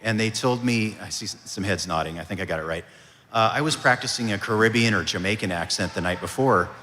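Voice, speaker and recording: A man, a voice actor, answering audience questions at a convention panel in a relaxed, storytelling way. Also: on the low side, fast talker, a little hiss or hum. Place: convention hall. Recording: reverberant convention hall.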